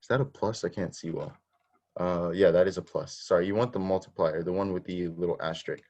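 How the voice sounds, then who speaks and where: Speaking fairly quickly in a low, darkish voice, a robotics instructor teaches an online coding class. He breaks concepts down step by step, asks his students questions, and keeps restarting his sentences.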